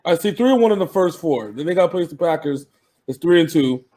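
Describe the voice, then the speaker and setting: A man's voice: fairly high pitch, animated, fast talker, dark tone. A man co-hosting a sports podcast, talking casually and animatedly, laughing and swearing freely.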